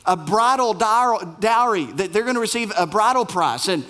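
A man's voice: high voice, expressive, moderate pace, a bit bright. A male pastor preaching a sermon in a conversational way, repeating his phrases for emphasis.

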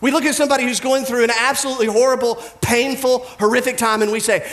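A pastor giving a conversational sermon, telling humorous stories and mimicking people's voices. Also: male voice, very high-pitched, steady tone, fast talker, few pauses, a bit bright, reverberant.

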